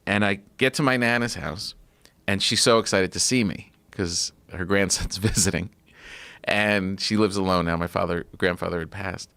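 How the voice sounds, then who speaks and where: Low-voiced man telling a rambling story. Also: moderate pace, creaky, sharp tone, dry recording. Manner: rambling, filler-heavy anecdote telling. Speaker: podcast guest. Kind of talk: casual storytelling.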